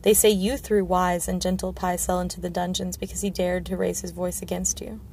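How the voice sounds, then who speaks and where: A woman's voice: on the low side, little pitch movement, a little fast, a little mellow, a little hiss or hum, natural voice. A woman reading the part of a blunt, honest city guard commander, speaking steadily.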